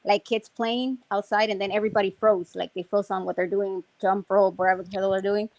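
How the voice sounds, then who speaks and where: A woman's voice: medium pitch, little pitch movement, fairly quick, darkish tone, dry recording, rough recording. A woman in a casual group voice chat telling an earnest, blunt story.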